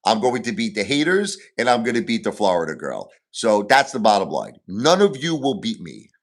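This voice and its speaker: A man's voice: fairly low pitch, sing-song, normal speed. A man hosting a livestream, venting in an agitated, repetitive rant. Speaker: livestream host.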